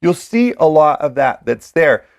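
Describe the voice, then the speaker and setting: A man co-hosting a casual scripture discussion, animated and acting out the verses in voices. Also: a little high, unhurried, creaky. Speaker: co-host of a scripture study show. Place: indoors with a board.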